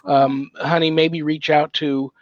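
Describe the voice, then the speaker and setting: A man hosts a paranormal talk show, and his voice sits a bit high for a man. The sound is muffled and lo-fi with no room echo. He speaks in an easygoing, halting way and greets the viewers by name. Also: flat delivery. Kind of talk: casual live interview. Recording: dull dry lo-fi sound.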